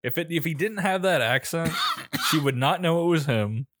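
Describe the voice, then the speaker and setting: A man's voice: fairly high pitch, lively intonation, normal speed, fairly bright tone, no echo, studio quality. A man co-hosting a casual movie-review chat, laid-back and profane, laughing often. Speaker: podcast co-host.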